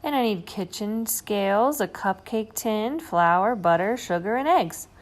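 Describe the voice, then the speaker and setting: A woman voicing a cheerful old granny with a magic bag, fond and brisk with the children, for a storybook reading. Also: mid-range voice, lively intonation, pitched above the performer's own voice, natural voice. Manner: fond, brisk, calls the children her bonny darlings.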